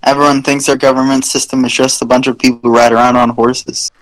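A man's voice: medium pitch, level tone, fast talker, low-quality recording. A young man co-hosting a podcast, joking along in casual chat. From Canada. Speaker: podcast co-host.

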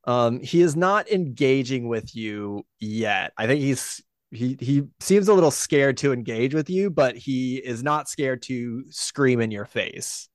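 A man's voice: medium pitch, animated, unhurried, hardly any pauses, no room sound, studio quality. A man narrating a tabletop game as game master, rambling with many fillers.

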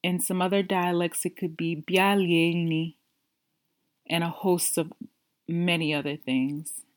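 A woman teaching a podcast language lesson, saying each phrase twice slowly and deliberately before explaining it. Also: on the low side, little pitch movement.

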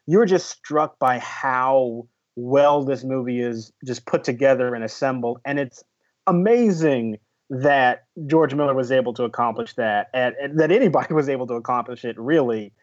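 A man's voice: medium pitch, normal speed. Admiring man on dull lo-fi audio. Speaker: podcast panelist. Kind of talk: casual film review chat.

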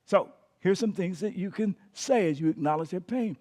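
A man's voice: high-pitched, fairly quick, few pauses. A man preaching a sermon as pastor, emphatic, sometimes dropping to a whisper and having the listeners repeat after him. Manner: emphatic, dropping to quiet whispers on key words.

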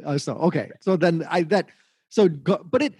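A male podcast co-host who talks haltingly and often restarts. His voice is high and husky. The sound is dry and close. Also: expressive, darkish tone, no echo. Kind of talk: casual podcast chat.

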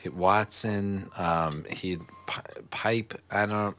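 Slow-talking joking man on a call. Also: lowish voice, steady tone, fairly bright tone, slight background noise. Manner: joking, swearing, trailing off mid-sentence. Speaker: podcast co-host. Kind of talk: casual chat. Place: home, remote call.

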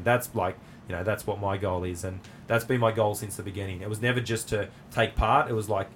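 A man's voice: lowish voice, fairly even intonation, fairly quick, few pauses, slight background noise. Laid-back Australian man, chatty podcast host. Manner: chatty, rambling, laid-back with frequent fillers. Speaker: podcast host and jiu-jitsu academy owner. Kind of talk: casual conversational interview.

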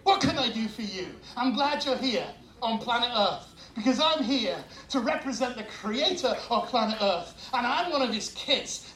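A man preaching a sermon as pastor, telling stories with lively laughs. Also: very high-pitched. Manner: animated storytelling with laughs. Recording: roomy sound from far off mic.

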